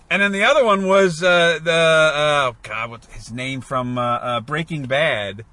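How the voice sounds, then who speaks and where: A man's voice: fairly high pitch, unhurried, few pauses, bright, forceful tone, dry recording. A man in casual chat, rambling about old movies and acting out lines.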